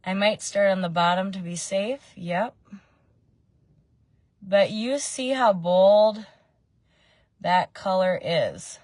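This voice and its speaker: A woman's voice: mid-range voice, takes it slowly, long pauses, darkish tone, dry recording. Chatty woman vlogging from her car. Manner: chatty and meandering, with frequent ums. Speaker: makeup vlogger. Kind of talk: casual makeup tutorial chat. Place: parked car.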